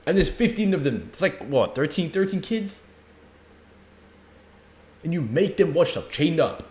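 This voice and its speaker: A man's voice: a little high, animated, unhurried, darkish tone. A man hosting a live stream, reacting to a video with blunt, profane, heated outbursts.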